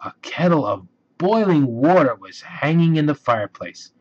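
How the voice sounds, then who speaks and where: A man reading a children's storybook aloud, slow and expressive. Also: on the high side. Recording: dull lo-fi recording.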